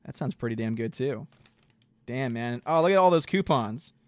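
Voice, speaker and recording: A man casually live-streaming, reading chat aloud and reacting in an animated way, throwing in lots of "dude" and "man.". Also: medium pitch, moderate pace, no room sound. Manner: animated, exclaiming, says "dude" and "man" a lot.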